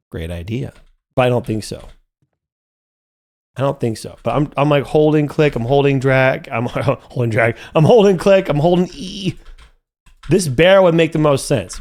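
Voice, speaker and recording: A young man commentating his own gameplay live, talking to his chat and growing frustrated, with sudden high yelps. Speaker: streamer playing a horror game.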